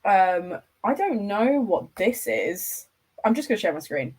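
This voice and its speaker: A woman's voice: mid-range voice, very animated, a little slow, darkish tone, slightly rough. A woman hosting a livestream, chatting casually and enthusiastically with her viewers as she rambles from one thought to the next. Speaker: livestream host.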